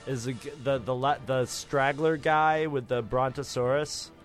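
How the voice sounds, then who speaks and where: A man's voice: mid-range voice, steady tone, measured pace, faint music behind. A man chatting casually in a movie commentary, telling rambling, profane stories and laughing often.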